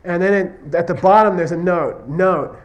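A man's voice: sits high, normal speed. A man teaching Buddhist philosophy in a conversational lecture style. He tells stories, acts out questions and answers, and keeps checking in with "okay?" and "you see what I mean?".

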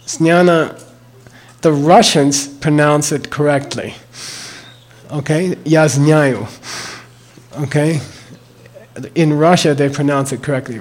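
An older man teaching the sounds and meaning of a mantra, spelling words out and checking in with "okay?" after each point. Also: on the high side. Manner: slow and deliberate, repeats words and checks with "okay?".

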